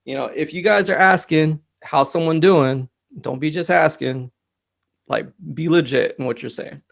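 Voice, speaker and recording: A man's voice: on the high side, normal speed, gravelly. A man talking in a casual conversation, easygoing and rambling, with lots of fillers.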